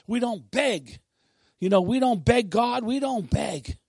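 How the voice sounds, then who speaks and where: A man's voice: very high voice, animated, measured pace, breathy edge, no room sound. Man preaching with a bold, rising voice. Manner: swings from bold shouted declarations to quiet conversational asides. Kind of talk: sermon.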